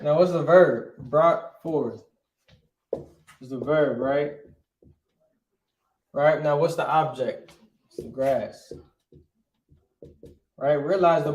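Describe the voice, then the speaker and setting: Brief: male teacher, slightly higher voice, casual, peppers with "right?", echoey room. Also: a little mellow. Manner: casual, says "right?" constantly, sounds out words slowly. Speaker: Hebrew teacher. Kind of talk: online language class.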